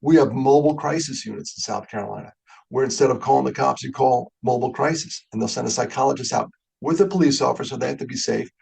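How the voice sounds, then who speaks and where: Middle-aged male guest speaker, husky, gravelly; casual, joking, candid delivery. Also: medium pitch, quick pace, darkish tone, poor audio. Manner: conversational and joking, openly emotional. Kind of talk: webinar talk.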